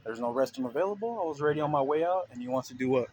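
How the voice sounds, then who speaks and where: A man's voice: mid-range voice, animated, very fast. A man ranting to his phone camera at a bus stop, laughing and saying "bro" constantly. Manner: laughing, slangy, repeats "bro". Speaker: vlogger filming a street confrontation. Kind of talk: casual profane rant to camera. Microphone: handheld phone. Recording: faint outdoor street noise. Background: street and traffic ambience.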